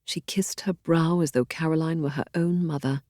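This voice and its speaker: Brief: audiobook narrator, woman, low and dark voice, dry close studio sound, measured and expressive. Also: dry recording. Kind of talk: scripted narration of a historical novel.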